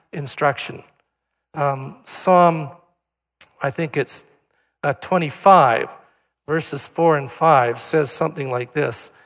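An older man preaches in a relaxed, conversational manner, telling family stories with ums along the way. His voice sits a little high, and it rings with the long reverb of a church hall. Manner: conversational, anecdotal, with fillers. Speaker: pastor. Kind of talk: sermon.

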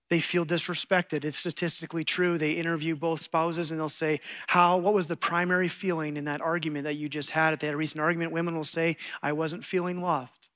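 A middle-aged man preaching a sermon, telling stories and acting out quotes with animation. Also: a little high. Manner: animated storytelling, acts out quotes.

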